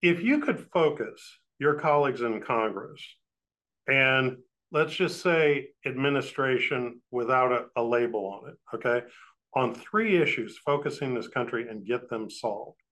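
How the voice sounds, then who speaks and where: Male interviewer, mid-pitched, halting questions. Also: fairly bright tone.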